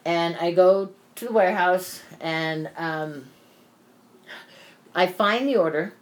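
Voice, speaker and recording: A woman's voice: fairly low pitch, slow pace. A woman telling a long work story in casual chat, rambling and peppered with "like" and swearing. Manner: rambling, profane storytelling full of "like".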